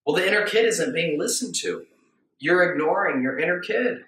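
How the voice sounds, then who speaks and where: Male coach, calm musing delivery full of questions, roomy echo, sits back from the mic. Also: sits high, moderate pace, slight background noise. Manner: gentle, musing, rhetorical questions. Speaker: mindful eating coach. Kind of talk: reflective self-help talk. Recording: echoey room, distant from mic.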